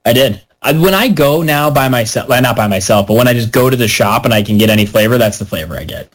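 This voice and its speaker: A man's voice: mid-range voice, fast, poor audio. A man chatting casually on a podcast, telling a story and acting out the voices of the people in it. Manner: animated storyteller, acts out quoted voices.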